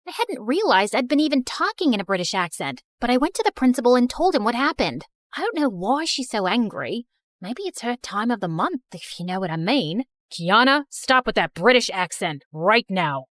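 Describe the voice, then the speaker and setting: High, lively woman narrating a cartoon story. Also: moderate pace, no echo. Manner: chatty, wry.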